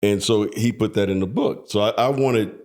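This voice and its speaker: A man hosting a casual interview, relaxed and laughing along with his guest. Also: on the low side, normal speed. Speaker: host.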